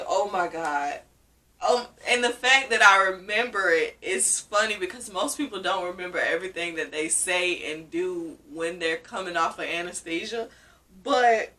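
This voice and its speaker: A young woman vlogger telling a personal story in a casual, animated way, laughing often and saying "literally" again and again. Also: medium pitch. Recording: voice a bit far from the mic.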